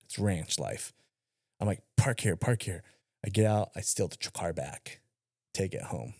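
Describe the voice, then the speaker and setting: A man's voice: low-pitched, normal speed, vocal fry, dry recording, clean studio sound. A man co-hosting a podcast, telling stories in a casual, profane chat and acting out the quotes. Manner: animated storyteller, acts out quotes, swears freely. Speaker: podcast co-host.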